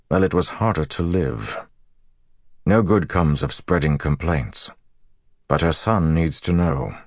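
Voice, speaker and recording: A man voicing a grizzled older male general who talks gruffly and gravely. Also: very deep voice, no echo, clean studio sound, full character voice.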